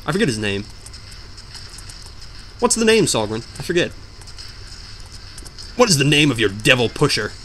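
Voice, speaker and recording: A man's voice: mid-range voice, very animated, moderate pace, pauses often, fairly bright tone, a little hiss or hum. A young man doing let's play commentary while gaming, rambling and joking with melodramatic outbursts. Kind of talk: game commentary.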